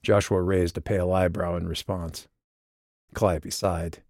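A man giving measured, scripted audiobook narration. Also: low-pitched, flat delivery, a little mellow, no room sound, studio quality.

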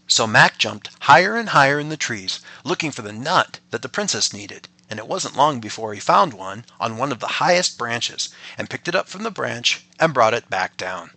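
A man reading a bedtime story aloud, gentle and playful, as a father and podcast storyteller. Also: medium pitch, big pitch swings, moderate pace, hardly any pauses, no room sound.

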